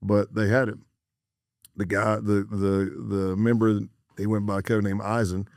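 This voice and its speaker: A man's voice: fairly low pitch, little pitch movement, a little slow, no room sound, clean studio sound. A middle-aged American man, a former undercover agent, telling a story as a podcast guest and acting out the dialogue he quotes. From United States.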